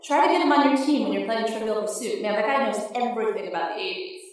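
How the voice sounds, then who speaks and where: Woman playing a cocky young male comic working the crowd, high-ish voice, echoey and far off. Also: fast, lightly acted. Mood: riffing. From China. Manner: loose, jokey crowd-work banter. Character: young male stand-up comic, brash, rambling. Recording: echoey, distant mic.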